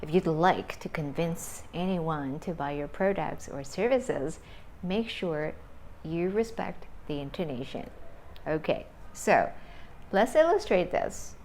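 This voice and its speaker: A woman teaching an English lesson on questions, speaking slowly and deliberately and modelling intonation with examples. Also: sits low, a little mellow, slight background noise. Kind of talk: video lesson.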